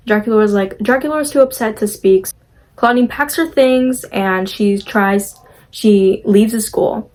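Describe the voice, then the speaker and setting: A woman's voice: mid-range voice, darkish tone. Chatty young woman recapping a movie. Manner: chatty, full of "like" fillers, opinionated; acts out characters' lines with quick voices.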